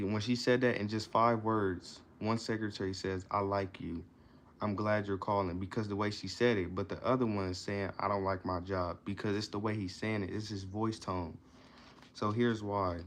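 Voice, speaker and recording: A man's voice: fairly low pitch, slight background noise. A man reading passages from a self-help book aloud and explaining them in casual slang, often repeating and restarting himself. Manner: reads passages, then explains them in loose slang asides.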